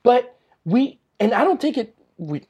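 A man's voice: very high-pitched, big pitch swings, a little slow, darkish tone, breathy edge. A young man co-hosting a casual podcast, telling stories loosely and swearing freely. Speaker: podcast co-host.

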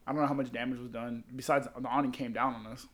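A man's voice: medium pitch, little pitch movement, quick pace, fairly bright tone. A young man telling rambling, profane stories to friends in a casual chat, laughing at his own jokes.

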